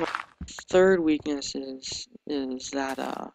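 A teenage boy giving casual, hesitant commentary over a game, talking quietly and mumbling, recorded at home on a sensitive microphone. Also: fairly high pitch, flat delivery, unhurried, creaky. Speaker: let's play commentator. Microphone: sensitive desk microphone. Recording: noisy home mic recording.

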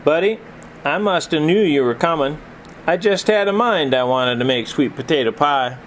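A man voicing a motherly woman who bakes, talking in a homey, gently fussing way. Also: on the high side, animated, normal speed, slight background noise, close to an everyday voice. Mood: cheerful.

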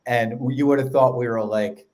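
A man with a Philadelphia accent, a podcast guest telling stories in an energetic, casual way. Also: mid-range voice. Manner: energetic storyteller, quick run-on sentences. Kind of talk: casual chat.

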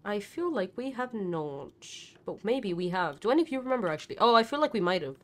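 A woman's voice: mid-range voice, very animated, a little fast. A woman streamer giving live gameplay commentary, nervous and chatty, swearing a lot and talking back at the characters on screen. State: nervous and scared.

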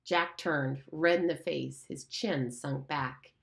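A woman reads an audiobook aloud in a steady, measured way. Her voice sits low for a woman. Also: vocal fry. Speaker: audiobook reader. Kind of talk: audiobook narration.

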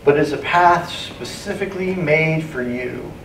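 A man's voice: a little high, a little slow, background noise. A man preaching a sermon as pastor, emphatic, repeating key phrases and calling for amens. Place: church sanctuary. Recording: echoey room, distant mic, faint ambience.

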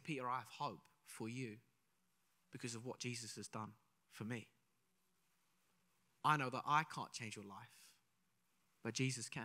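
A young Englishman preaches to a live church congregation. His voice is bright and forceful, and it rings out with a long hall reverb. He talks like he's chatting, telling stories and throwing questions out to the audience. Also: medium pitch. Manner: conversational, storytelling, asks the audience questions. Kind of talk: sermon with personal story.

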